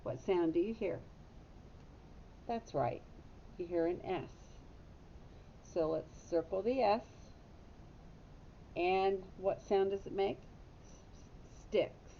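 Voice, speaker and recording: Slow, gravelly woman teaching phonics. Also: warm tone. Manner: slow, patient, corrects own slips. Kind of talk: phonics lesson for young children. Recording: dull lo-fi audio with faint rumble.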